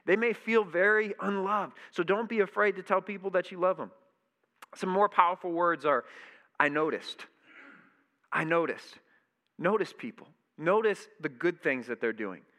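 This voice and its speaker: A man preaching a sermon, animated and emphatic, repeating key phrases. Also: high voice, moderate pace. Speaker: pastor.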